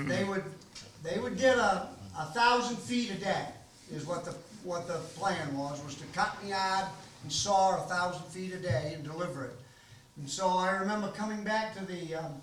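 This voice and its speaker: An older man from Maine tells stories to a room full of people, rambling and folksy, with plenty of ums and restarts. His voice sits fairly high. It comes from far off in a very echoey library room. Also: fairly bright tone, slight background noise. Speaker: host of a storytelling gathering. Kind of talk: casual storytelling to an audience.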